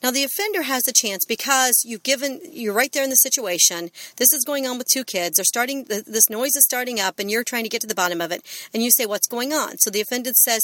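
A woman's voice: a little high, a little fast, fairly bright tone, no echo. A middle-aged woman giving a parenting talk, earnest and full of fillers and restarts. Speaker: parenting speaker.

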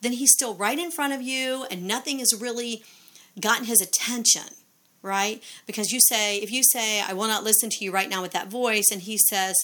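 A woman's voice: on the high side, steady tone, moderate pace, bright, forceful tone. A woman giving parenting advice in a casual instructional talk, conversational, with frequent fillers and rhetorical questions.

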